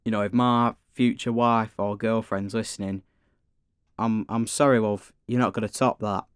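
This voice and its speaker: Cheeky teenage lad with a Manchester accent. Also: male voice, on the low side, steady tone, moderate pace, clean tone, no echo, clean studio sound. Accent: Mancunian. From Greater Manchester. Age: teens. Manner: cheeky, chatty, stumbles over words. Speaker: studio guest. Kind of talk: radio interview. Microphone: studio microphone.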